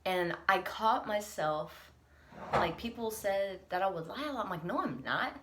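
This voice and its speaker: A woman's voice: mid-range voice, animated, unhurried, background noise. A young woman talking candidly in a confessional vlog, earnest and reflective, choked up and close to tears. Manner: earnest, reflective, laughs through emotion. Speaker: vlogger.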